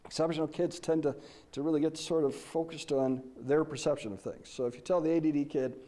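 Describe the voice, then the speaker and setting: A middle-aged man giving a presentation, telling animated stories and posing questions to the audience. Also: a little high, fairly quick. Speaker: lecturer. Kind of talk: conference presentation.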